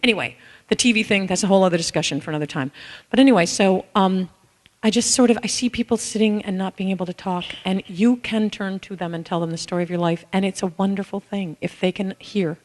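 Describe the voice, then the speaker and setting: A woman's voice: mid-range voice, fast talker. A middle-aged woman, an author, telling personal stories to an audience in a candid, conversational way. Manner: conversational, candid, acts out dialogue with "I'm like". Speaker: author and speaker. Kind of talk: personal storytelling talk. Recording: long hall reverb.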